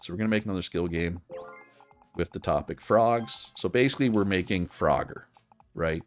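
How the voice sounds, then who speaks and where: A man's voice: sits low, normal speed, soft background music. A man streaming a management game, chatting casually and thinking aloud with many fillers and restarts. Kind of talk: casual gameplay commentary.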